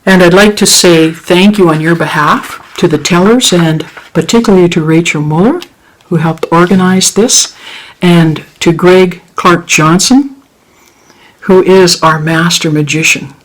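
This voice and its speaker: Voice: mid-range voice, rough recording. A storyteller telling a folk tale to a live audience and then closing the evening as host. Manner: slow, expressive storytelling.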